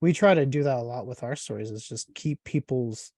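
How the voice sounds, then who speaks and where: A man hosting a casual interview, talking in a relaxed, rambling way with lots of fillers. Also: mid-range voice, a little fast, dry recording, clean studio sound. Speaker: podcast host.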